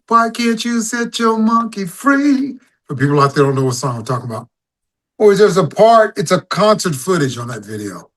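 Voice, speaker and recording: A man's voice: a little high, breathy edge. A man, a singer-songwriter guest, telling stories casually in an interview and acting out his own stage calls. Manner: animated storyteller, acts out crowd calls.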